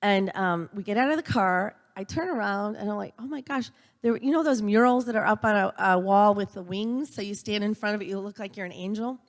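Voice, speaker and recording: A woman's voice: mid-range voice, brisk, few pauses. A middle-aged woman tells stories in an earnest speech at a church gathering, stumbling a little with fillers and restarts. Her mid-range voice hangs in a long church reverb. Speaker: speaker at a church event for a university.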